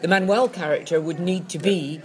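A man hosting a casual podcast, chatty and quick to interject with mock-stern remarks. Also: high-pitched, steady tone, a little mellow.

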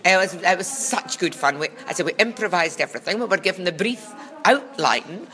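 A woman's voice: fairly low pitch, expressive, fairly quick, a bit bright. A woman with a Scottish accent chatting as a podcast guest, rambling through stories with dry, teasing humour. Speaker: podcast guest, former children's TV presenter. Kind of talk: casual comic chat.

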